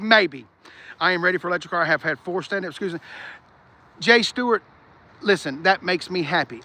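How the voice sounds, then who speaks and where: A man hosting a loose car-talk livestream, talking in a high, bright voice. He rambles and stays animated, reads out viewer comments, and bursts into shouting when a story gets him worked up. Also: a little hiss or hum. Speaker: livestream host reading chat.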